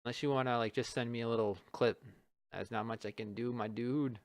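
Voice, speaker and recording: A man's voice: mid-range voice, steady tone, brisk, no room sound. Dry-voiced joking male stream host. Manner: joking, stumbling restarts. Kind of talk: casual stream chat.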